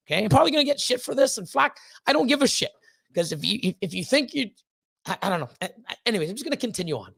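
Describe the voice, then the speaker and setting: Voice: medium pitch, very animated, quick pace, vocal fry, fairly bright tone, husky. Livestream host, reptile breeder; blunt, profane, heated, restarts a lot. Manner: emphatic repeated pleading. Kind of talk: casual livestream talk to chat.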